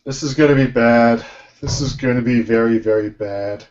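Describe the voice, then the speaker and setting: A man's voice: mid-range voice, moderate pace, darkish tone. Blunt, exasperated male co-host, lo-fi recording. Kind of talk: casual comedic riffing.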